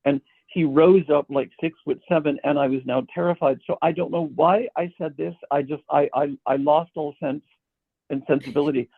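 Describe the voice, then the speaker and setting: A man's voice: fairly high pitch, steady tone, moderate pace, vocal fry, no echo. A man, a guest composer, telling long anecdotes, often stammering and repeating words as he starts sentences. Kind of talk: anecdotal storytelling. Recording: tinny phone-like line.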